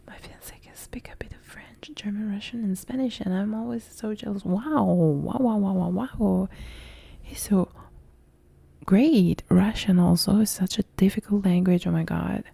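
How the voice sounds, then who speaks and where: A young Italian woman speaking in a soft whisper, her voice deeply dark and full of gravelly fry. She chats casually with viewers in a whispered role-play live stream, her English carrying a clear Italian accent, and the sound is dry and close. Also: steady tone, moderate pace, no room sound. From Italy. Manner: soft whispered chat reading viewer comments.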